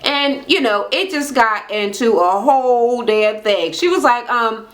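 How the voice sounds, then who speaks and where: A high-pitched woman talks through a reality show episode in a casual vlog. She is blunt and chatty, swears freely, and jumps up in pitch to act out what the cast said. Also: measured pace, a bit bright. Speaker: reality TV recap YouTuber.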